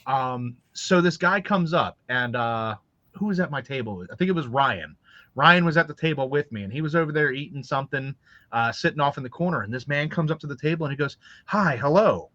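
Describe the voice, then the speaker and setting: A man who sells his books at conventions, telling stories as a lively, animated storyteller in casual podcast chat. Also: medium pitch, a little fast, dry recording. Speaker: author selling at conventions. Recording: dry, slightly dull audio.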